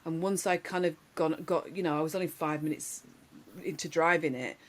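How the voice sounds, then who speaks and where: A woman, telling lively anecdotes in casual podcast chat, laughing often. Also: sits low, fairly quick. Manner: animated storyteller, laughs often, many restarts. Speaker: podcast guest.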